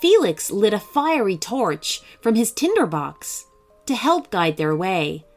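Woman narrator for kids' stories, slow, lively pitch, light music bed. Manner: expressive, slow and animated. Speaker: storyteller. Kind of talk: children's bedtime story narration.

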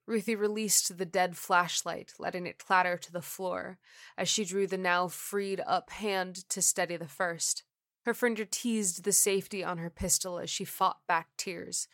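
A woman narrating a scripted horror story in a measured, deliberate reading. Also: fairly low pitch, fairly even intonation, fairly bright tone, no echo, clean studio sound.

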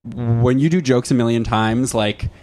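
A man co-hosting a comedy podcast with a voice of ordinary pitch. He rambles through his thoughts in casual chat, restarting sentences as he goes. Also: fairly even intonation, measured pace, darkish tone. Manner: rambling, with many fillers and restarts. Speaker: podcast co-host.

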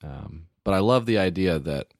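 A man's voice: deep voice, lively intonation, normal speed, gravelly, no room sound, studio quality. A man co-hosting a podcast in loose, casual chat, full of "like" fillers and reading text aloud. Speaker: podcast co-host.

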